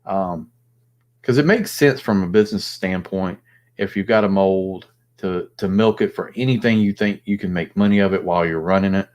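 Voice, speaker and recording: A lower-pitched man hosts a loose, casual chat. He rambles and thinks aloud, padding his talk with ums and restarts. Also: normal speed, a little mellow. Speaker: host.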